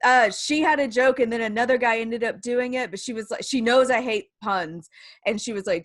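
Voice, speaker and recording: A woman's voice: a little high, brisk, a bit bright, no room sound. A woman co-hosting a podcast in casual chat, blunt, laughing often and swearing. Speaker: podcast co-host.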